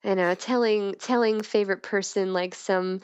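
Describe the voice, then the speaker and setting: A woman's voice: medium pitch, fairly even intonation, moderate pace, clear, resonant tone, no room sound, dull audio. A woman guest in a casual podcast chat, talking candidly and playfully, with frequent laughs and restarts.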